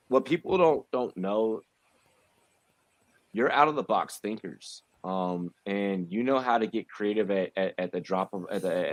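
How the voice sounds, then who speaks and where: A man hosting a casual livestream chat, animated and repeating himself, with many fillers. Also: lowish voice, dry recording. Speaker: host.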